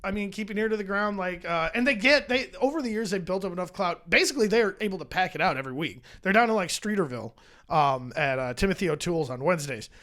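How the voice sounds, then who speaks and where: High-voiced comic guy rambling on a podcast, swears a lot, mocks himself. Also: animated, quick pace, fairly bright tone. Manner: rambling, profane, self-mocking. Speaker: stand-up comedian, podcast guest. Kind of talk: casual chat. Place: podcast studio.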